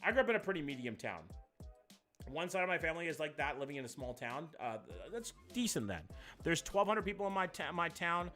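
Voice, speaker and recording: A young man gives live-stream commentary in a bright, sharp voice. He talks with a lively, swooping delivery and swears freely. Soft music plays underneath. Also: a little high, a little fast. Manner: animated, profane, jokey. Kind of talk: live-stream commentary, reacting and reading chat.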